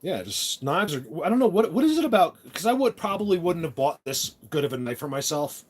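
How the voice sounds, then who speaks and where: A man's voice: fairly high pitch, sing-song, fairly quick. A man hosting a casual live stream on his phone, rambling and joking about talking tough. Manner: rambling, talks tough in jest.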